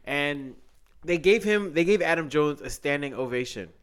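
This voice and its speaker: A man's voice: fairly high pitch, lively intonation, normal speed, clean tone. A young man co-hosting a podcast in casual, jokey chat, often laughing. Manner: laughs often, jokey, puts on mock voices. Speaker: podcast co-host.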